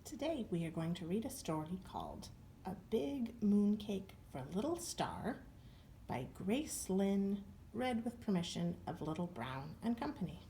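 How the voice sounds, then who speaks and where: A woman librarian doing storytime for young children, animated, singsong and encouraging, recorded in a library. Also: mid-range voice, a little slow, slight background noise. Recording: roomy echo, distant from the mic.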